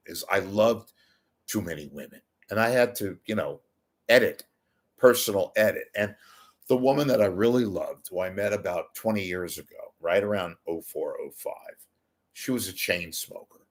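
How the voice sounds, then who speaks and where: Speaking at a moderate pace in a fairly low pitch, an older man hosts a livestream. His casual chat wanders, and he keeps making jokes at his own expense.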